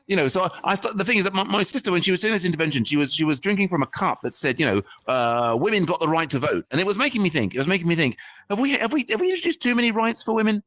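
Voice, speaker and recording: Male stand-up host, rambling self-mocking patter, quick and lively, bright headset sound. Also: high voice, dry recording. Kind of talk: improvised stand-up to a virtual audience. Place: virtual-reality social world, talking into a headset.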